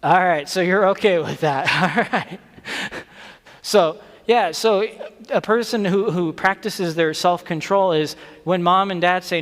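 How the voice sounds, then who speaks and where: A man's voice: sits high, measured pace, fairly bright tone. A man giving a children's sermon in a church, talking in a friendly way with lots of questions to the kids and frequent restarts. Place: church sanctuary. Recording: long church reverb.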